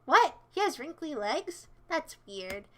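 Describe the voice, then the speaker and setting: High, lively, bright-voiced woman streamer. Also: slow pace. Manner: playful, sassy, rambling. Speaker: livestreamer. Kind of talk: casual livestream chat, answering viewers.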